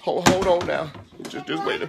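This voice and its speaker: A woman playing a fearful servant who rushes and stammers, tripping over repeated words while begging. The voice sits higher and louder than her own, pleading without pause. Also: steady tone, gravelly, noisy background. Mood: frantic pleading. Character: frantic pleading old-time servant, fearful and hurried.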